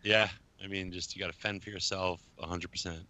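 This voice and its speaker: A man co-hosting a podcast in casual chat, talking in a relaxed, rambling way and repeating words. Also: sits low, fairly quick. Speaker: podcast co-host.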